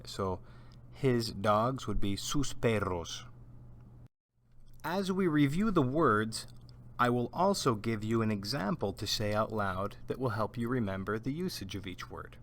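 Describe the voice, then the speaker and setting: Slow, patient male Spanish teacher. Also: on the low side, expressive, fairly bright tone, slight background noise. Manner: patient drilling, repeats words for learners. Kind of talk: slow scripted language lesson.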